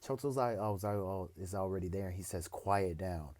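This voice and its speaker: A man's voice: deep voice, fairly quick, a little mellow, no room sound. A man casually narrating an improvised fan story, rambling and often correcting himself as he goes.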